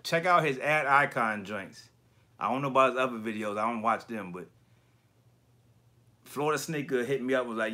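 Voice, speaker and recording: A man hosting a casual livestream chat about collectibles, talking in slangy, profane bursts and animated storytelling. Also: mid-range voice, fairly quick. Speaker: YouTube collector channel host.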